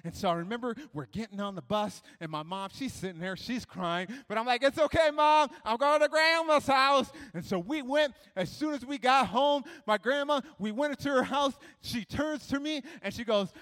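A man's voice: high voice, normal speed, hardly any pauses, a bit bright. A man from Minnesota telling a comic story on stage, acting out the people in it with big swings of voice. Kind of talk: stand-up storytelling.

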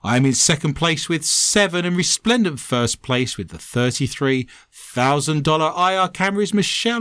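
A man hosts a radio show, firing off quick jokes and then reading the closing notes. His voice rises and falls in a lively way and sits a little high for a man. The sound is dry and close. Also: smooth, no room sound. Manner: quick joking asides. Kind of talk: comedic radio banter and show sign-off.

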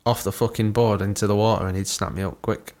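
A man's voice: fairly low pitch, steady tone, fast talker, darkish tone. A young man co-hosting a podcast, telling a story in a rambling, sweary, laughing way. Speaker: podcast co-host. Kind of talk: casual chat.

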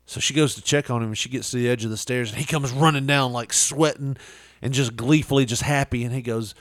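A man co-hosting a podcast tells a long joke in a loose, casual voice. He swears freely and sits in a middle pitch range. The sound is dry and close to the mic. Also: steady tone, a little fast, no room sound. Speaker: podcast co-host. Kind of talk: casual chat, joke telling.

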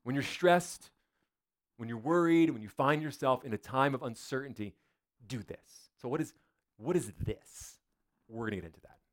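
A man's voice: mid-range voice, normal speed. A male pastor preaching a sermon in a church, in a conversational, joking way full of rhetorical questions.

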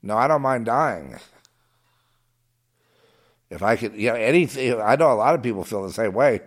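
A man delivering a rambling political monologue, halting and restarting, swinging from muttering to agitated outbursts. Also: medium pitch, expressive. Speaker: commentator.

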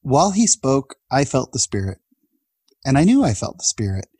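Earnest husky man telling stories. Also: mid-range voice, sing-song, normal speed, darkish tone, dry recording. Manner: earnest, emotional, laughs between lines. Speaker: guest. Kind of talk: casual podcast storytelling.

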